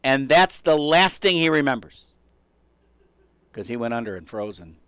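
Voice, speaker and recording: A man hosting a radio talk show, telling a story in a lively, conversational way. He chuckles and slips into the voices of the people he describes. His voice sits at an ordinary pitch, and the close studio mic gives it a dry sound. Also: moderate pace, clean tone, no room sound.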